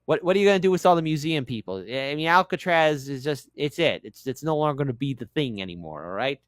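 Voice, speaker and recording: A man's voice: fairly high pitch, animated, fast talker, dry recording, clean studio sound. A man hosting a casual news commentary show, joking and often repeating words.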